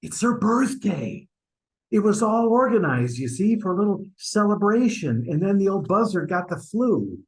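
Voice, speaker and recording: A man's voice: high-pitched, big pitch swings, normal speed, low-quality recording. A man acting an online stage scene as a flustered husband hiding an affair, stammering and sheepish as he presses his friend. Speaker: acting student. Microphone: video call.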